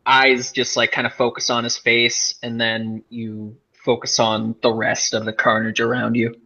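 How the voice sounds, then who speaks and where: A man playing a tabletop role-play game, narrating his character's actions and shouting his lines. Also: mid-range voice, little pitch movement, a little slow, muffled recording. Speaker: player.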